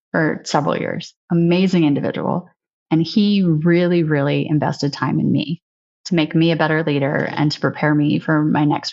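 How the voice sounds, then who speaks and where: A woman's voice: sits low, gravelly. A woman guest on an interview show, telling earnest, reflective stories and often checking in with "right?". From United States. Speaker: guest, sales leader. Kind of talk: casual interview talk. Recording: slightly dull, lo-fi sound.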